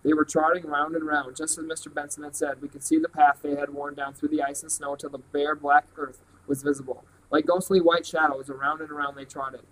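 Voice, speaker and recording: A man reading a novel aloud in a plain, steady way. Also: fairly high pitch, fairly quick, hardly any pauses, slight background noise, low-quality recording. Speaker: reader.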